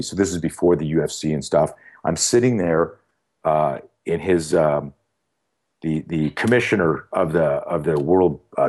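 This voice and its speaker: A man talking as a podcast guest, telling a long story in a casual, animated way with many fillers and acted-out dialogue. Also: low voice.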